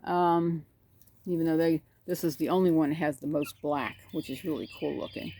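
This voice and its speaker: A woman's voice: low-pitched, fairly even intonation, moderate pace, warm tone. A woman chatting about her backyard chickens, rambling and cooing at the birds, recorded outdoors on a phone. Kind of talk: casual chat. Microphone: phone camera.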